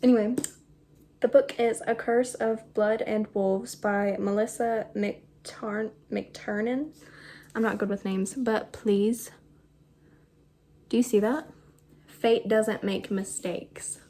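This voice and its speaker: A woman's voice: medium pitch, steady tone, takes it slowly, dark tone. A young woman, chatting casually to camera about books, bubbly and full of fillers. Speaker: book vlogger. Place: home room with a fan running. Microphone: camera propped on the floor. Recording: noisy room with fan hum.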